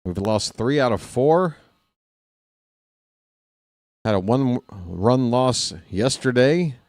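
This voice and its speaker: A man's voice: mid-range voice, slow, no echo, studio quality. A man calling a baseball game play-by-play as a partisan fan, with a voice that is starting to tire. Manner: partisan, excitable on big plays, chats with viewers. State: voice getting tired.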